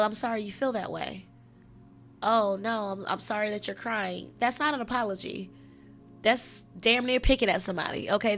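A woman's voice: medium pitch, a bit bright. A woman hosting a casual spiritual podcast, rambling and direct, often saying "you know" and swearing now and then. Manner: advising, direct, occasional swearing. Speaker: podcast host.

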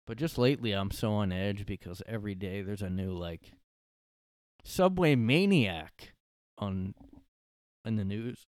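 A man rants sarcastically through a solo podcast from his room, swearing freely. His voice sits a little low and sounds smooth and clean, recorded close and dry. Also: expressive, a little slow, darkish tone, no echo. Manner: sarcastic, profane, ranting. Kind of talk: casual ranting monologue.

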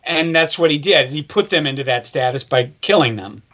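A man's voice: fairly high pitch, expressive, brisk, fairly bright tone, muffled recording. A man in casual chat, explaining things with some hesitation.

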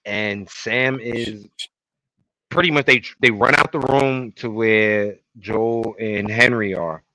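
A man co-hosting a podcast, retelling episodes in casual chat and breaking into loud, exasperated outbursts. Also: lowish voice, takes it slowly, slight background noise, rough recording. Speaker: podcast co-host.

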